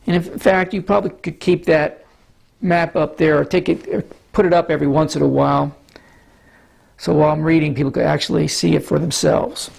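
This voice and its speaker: A pastor giving a Bible teaching sermon, hoarse from allergies, with a scratchy voice, clearing his throat and stumbling over names now and then. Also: a little high, steady tone, a little mellow. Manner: measured Bible teaching with frequent small stumbles.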